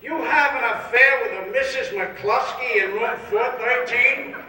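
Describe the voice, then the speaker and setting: A man doing a loud, slow, suspicious husband. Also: very high-pitched, pitched above the performer's own voice, full character voice. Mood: accusing. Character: jealous hotel guest, a wronged husband. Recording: echoey hall miked from far off.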